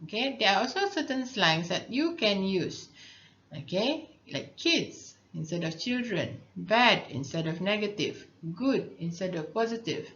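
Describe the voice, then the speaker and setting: A woman's voice: medium pitch, lively intonation, a little slow, fairly bright tone. A woman teaching a writing lesson, patiently explaining and checking in often with "okay". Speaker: English teacher. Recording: dull lo-fi recording.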